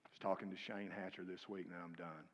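A man preaching a sermon, swinging from loud, urgent calls to quiet near-whispers and calling on the congregation to repeat his lines. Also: low-pitched, flat delivery, quick pace. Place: church sanctuary. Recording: long reverb of a large hall.

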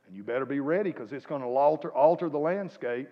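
A man preaching a sermon, swinging between loud exhortation and quiet asides. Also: medium pitch, fast talker. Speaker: pastor. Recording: muffled, reverberant church hall.

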